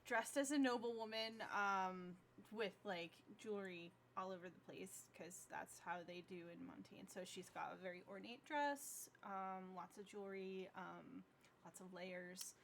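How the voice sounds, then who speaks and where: A woman's voice: on the low side, steady tone, measured pace, creaky, a bit bright, slight background noise. A woman player describing her tabletop character in a casual, hesitant way with many fillers.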